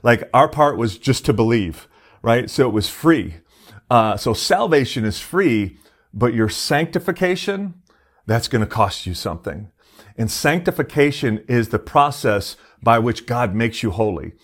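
Guy pastor giving a chill sermon, normal pitch, lots of uhs and um, kinda rambly. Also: lively intonation, measured pace. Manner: conversational, many fillers and restarts. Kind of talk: casual sermon.

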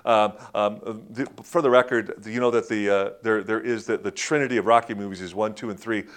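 A man preaching a sermon in a conversational way, with many fillers and restarts, who acts out quotes in a louder, higher voice. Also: fairly even intonation, fairly quick. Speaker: pastor.

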